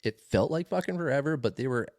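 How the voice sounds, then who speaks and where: A man co-hosting a podcast, telling a story in a casual, animated way, swearing often. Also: mid-range voice, fast talker, no room sound, studio quality. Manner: swearing, animated retelling with laughs. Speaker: podcast co-host.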